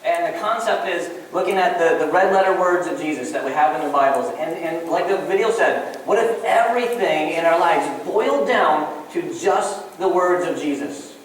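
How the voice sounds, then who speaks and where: Man, pastor, casual sermon, fairly high voice, very echoey church, distant mic, faint room noise. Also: normal speed, few pauses. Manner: casual, chatty, self-deprecating, addresses the congregation as guys. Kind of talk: sermon with a joke story. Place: church sanctuary.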